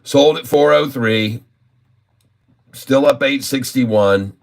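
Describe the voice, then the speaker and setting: A man's voice: mid-range voice, takes it slowly, creaky. Day trader guy muttering and swearing at his screen, casual vlog talk. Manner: grumbling, cursing, exasperated muttering. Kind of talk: casual live trading commentary.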